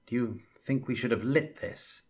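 A man's voice: mid-range voice, moderate pace, slightly rough, voice pushed up, natural voice. A man voicing a careful, diplomatic young adventurer, close to his own narrating voice. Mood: wary.

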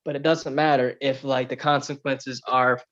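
A man's voice: medium pitch, flat delivery, moderate pace, a bit bright, lo-fi sound. Chatty man telling a fable. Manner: loose, chatty, lots of "like" and "you know". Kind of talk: casual chat, storytelling.

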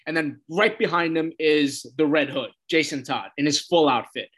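A man with a slightly higher-than-average voice talks through a TV episode in a loose, casual recap. He swears freely and chats along, acting out quoted lines in shifting voices as he goes. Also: moderate pace, hardly any pauses, a bit bright. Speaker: show host recapping a TV episode.

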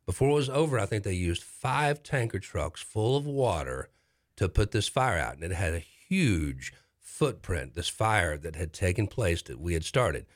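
A middle-aged man hosting a talk show, telling a dramatic story in a casual, animated way with repeated phrases for effect. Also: low-pitched, normal speed.

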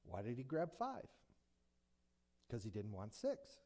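A man preaches a sermon in an animated way, full of rhetorical questions and light jokes. His pitch swings widely, but it sits at a typical middle height for a man. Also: slow. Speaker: pastor.

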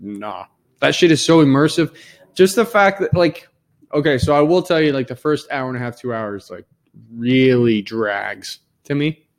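A man's voice: mid-range voice, lively intonation, moderate pace. A man co-hosting a podcast, chatting casually with a loose, profane, laid-back way of talking. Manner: laid-back, profane, says "dude" constantly. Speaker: podcast co-host. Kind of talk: casual chat. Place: Dallas area.

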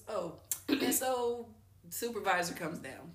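A woman's voice: medium pitch, animated, a little slow, reverberant, a crowd in the background. A woman co-hosting a podcast, telling a story in a casual, slangy way and laughing often. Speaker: podcast co-host.

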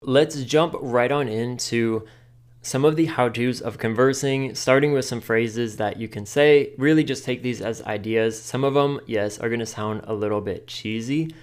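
A man hosting a podcast, giving casual advice in a chatty way, full of "like" and quick laughs. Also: mid-range voice. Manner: chatty, filler-heavy with frequent "like", laughs often. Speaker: podcast host.

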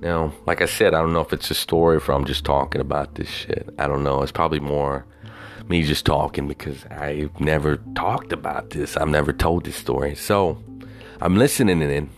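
Very deep-voiced man telling a rambling story. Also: fairly even intonation, normal speed, faint music behind. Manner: profane, hesitant, self-doubting.

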